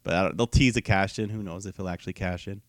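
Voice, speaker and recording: A man with a fairly low voice recaps wrestling in loose, casual podcast chat. He laughs a lot, swears freely and lets his sentences trail off. The sound is dry and close. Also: steady tone, fast talker, no room sound. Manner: laid-back, laughs often, swears, trails off. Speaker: podcast co-host.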